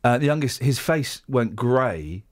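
A man hosting a radio show, joking around in a lively way and often stumbling over restarts. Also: medium pitch, unhurried. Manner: animated and jokey, stumbling restarts. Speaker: radio host. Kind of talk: casual radio banter.

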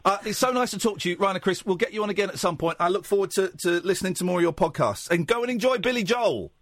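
A man's voice: sits high, steady tone, very fast, no echo. A man hosting late-night radio, playful and jokey, talking into a studio microphone. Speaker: radio host.

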